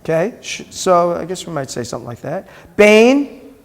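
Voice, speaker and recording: A man's voice: high voice, big pitch swings, normal speed, gravelly. A man, a rabbi, teaching a Hebrew class and patiently explaining pronunciation step by step.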